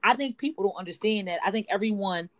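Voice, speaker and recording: A woman's voice: medium pitch, fast, dry recording. A woman co-hosting a casual podcast chat, telling a personal story with lots of fillers and AAVE speech. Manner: storytelling, rambling with many fillers. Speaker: podcast co-host.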